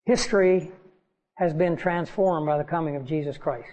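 A man's voice: on the high side, normal speed, a little mellow, muffled recording, slight background noise. A man preaching a sermon as pastor, earnest and pleading with his congregation.

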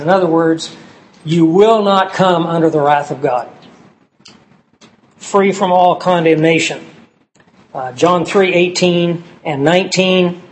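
A man preaching a sermon, slowing down to stress key words as he lists scripture passages. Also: a little high, rough recording. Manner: slow and emphatic on key words, citing scripture verses.

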